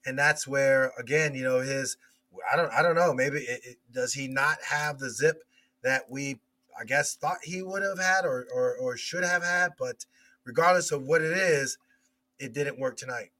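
A man who is a former player, talking football as a guest in a casual podcast chat, halting and restarting often. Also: mid-range voice, bright, forceful tone. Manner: hesitant, halting with many restarts.

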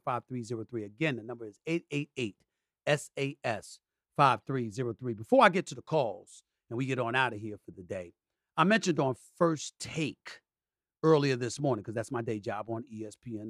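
A man's voice: medium pitch, bright, forceful tone, no room sound, clean studio sound. A man hosting his own sports talk show, talking in a boisterous, emphatic way and repeating phrases for effect. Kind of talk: solo talk show monologue.

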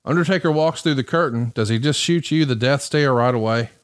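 A man runs through results in a brisk recap and then turns to his co-host with questions. His voice sits at a middle pitch. The sound is dry and close to the mic with no room around it. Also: no echo. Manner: brisk, reads match results and asks questions. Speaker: podcast host. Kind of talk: match recap commentary.

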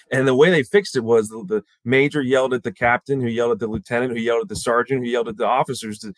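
A man's voice: mid-range voice, dry recording. A man speaking as a guest in a casual conversation, restarting often and acting out quotes. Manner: halting restarts, acts out quotes.

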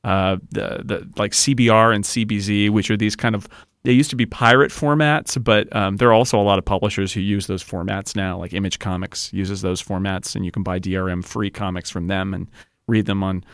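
A man guesting on a podcast, talking in a chatty, rambling way with frequent restarts. His voice is low and smooth. The sound is dry and close. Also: steady tone, brisk, a bit bright, dry recording. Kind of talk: casual chat.

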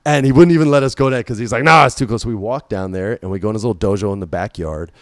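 A man telling a long story in casual talk, animated and swearing freely, jumping loud and high whenever he quotes someone. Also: rapid-fire, no room sound, studio quality. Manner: animated, swings loud and high when quoting people. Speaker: podcast guest.

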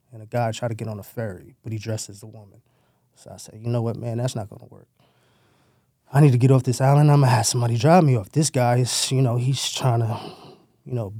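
Dark-voiced New man telling a story. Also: medium pitch, no room sound, studio quality. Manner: street slang, profane, loose and rambling. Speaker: former gang member telling his story. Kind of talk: casual storytelling.

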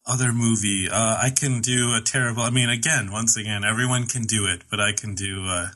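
A man's voice: on the low side, steady tone, brisk, pushed and bright. A man co-hosting a casual chat, rambling with restarts and fillers. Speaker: podcast co-host.

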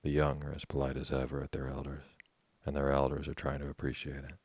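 Guy reading as a grave old ship engineer, slow and measured, deep gravelly voice. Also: monotone, darkish tone, no room sound, heavily acted. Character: grave older male ship's chief engineer.

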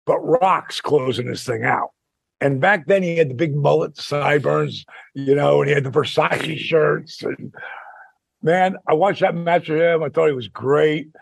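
Gravelly older man telling stories. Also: on the high side, a little slow, no room sound. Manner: animated, profane, acts out quoted voices. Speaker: podcast host telling wrestling stories. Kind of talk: casual storytelling chat.

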